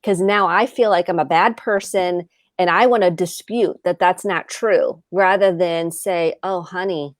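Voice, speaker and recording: A woman therapist calmly explaining in a video call conversation, acting out short example exchanges. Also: fairly low pitch, measured pace, no room sound, clean studio sound. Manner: calm explaining, acts out example dialogue.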